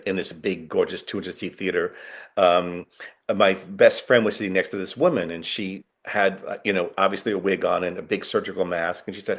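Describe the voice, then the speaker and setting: A man's voice: low voice, fairly bright tone. A man talking as a podcast guest author, telling heartfelt stories with many restarts. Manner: emotional storyteller, many restarts. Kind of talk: podcast conversation.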